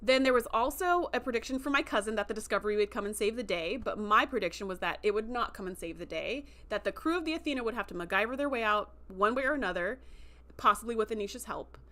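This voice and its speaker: A woman hosting a livestream, recapping a TV episode in a chatty, animated way and acting out quotes. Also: fairly high pitch, quick pace. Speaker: show review host. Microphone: livestream microphone.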